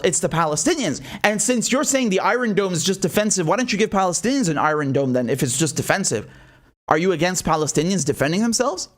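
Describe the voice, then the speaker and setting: A man delivering a heated, sarcastic political opinion monologue as host of his own show. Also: high-pitched. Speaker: political commentator.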